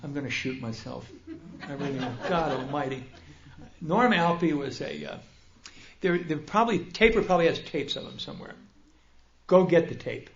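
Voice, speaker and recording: Speaking at a recovery convention, an older man shares his own story at a moderate pace in a gravelly, fairly high voice. His humor is self-deprecating and lively, and the dull, echoey recording of the big hall carries slight background noise.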